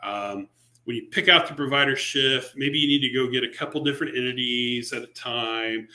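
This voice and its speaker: A man talks through code at a virtual meetup in a chatty, unscripted way. His voice has a bright, forward edge, and he is in the middle of explaining, stumbling and restarting as he goes. Now and then a dry, sarcastic remark slips in. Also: medium pitch, steady tone, normal speed. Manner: conversational, with frequent fillers and restarts, mildly sarcastic asides. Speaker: featured speaker presenting a software library. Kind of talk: technical presentation on a live stream. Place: remote meetup talk over a video call.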